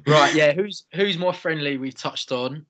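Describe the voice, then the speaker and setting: A man's voice: fairly high pitch, measured pace, a bit bright. A young man, co-hosting a casual chat, reading out audience replies and poking fun at himself. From London area. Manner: teasing, self-mocking, reads audience replies. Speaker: podcast co-host.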